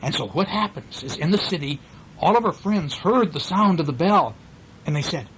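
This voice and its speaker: An older man reading a picture book aloud to a child, animated and pointing out the pictures. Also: fairly high pitch, moderate pace, slightly rough, rough recording. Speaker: storyteller.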